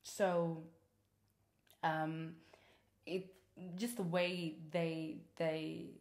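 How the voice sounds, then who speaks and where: A woman's voice: low-pitched, flat delivery, very slow, a little mellow. Chatty young woman in a roomy room. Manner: chatty and gushing, laughs often. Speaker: host and actress. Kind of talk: casual film-recommendation chat. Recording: roomy echo.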